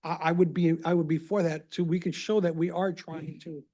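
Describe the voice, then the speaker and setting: A councilman with a fairly high but mellow voice and a Californian accent speaks at a city meeting. He talks haltingly, repeating words as he gropes for what to say next. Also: little pitch movement. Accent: Californian English. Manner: halting, repeats words while searching for them.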